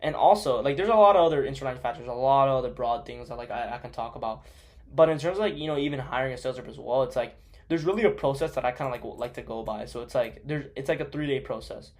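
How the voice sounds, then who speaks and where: A man's voice: mid-range voice, fast talker. A young man coaching on sales in a blunt, profane, casual monologue, full of fillers.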